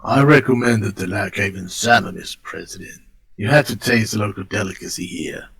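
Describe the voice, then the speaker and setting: A gruff middle-aged mob boss with a Boston accent, recommending things in an unhurried, low voice, as a man puts him on. The voice sits a little low and is delivered in a hushed, persuasive drawl for a video game playthrough. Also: exaggerated voice. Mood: smooth persuasive. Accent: Boston (put on).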